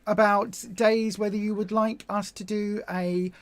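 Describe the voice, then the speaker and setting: A woman's voice: mid-range voice, little pitch movement, a little slow, dry recording. A woman hosting a weight loss support live stream, talking in an emotional, effusive way and repeating herself. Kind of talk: casual live stream chat.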